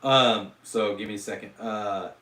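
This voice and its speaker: A man's voice: fairly low pitch, fairly even intonation, unhurried, sharp tone, far from the mic. A man hosting a casual livestream, rambling and self-deprecating, with lots of fillers and restarts. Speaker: livestream host. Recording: roomy echo.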